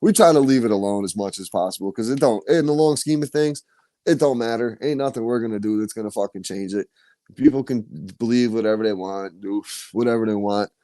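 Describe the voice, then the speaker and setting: A man's voice: fairly low pitch, a little fast, warm tone, no echo, clean studio sound. A man hosting a podcast, telling stories in loose, profane casual chat. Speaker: podcast host.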